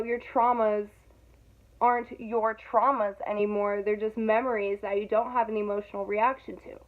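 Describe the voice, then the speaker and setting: Animated young woman vlogger, tinny sound. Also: fairly high pitch. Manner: animated, dramatic, self-mocking, laughs often. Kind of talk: casual chat to camera.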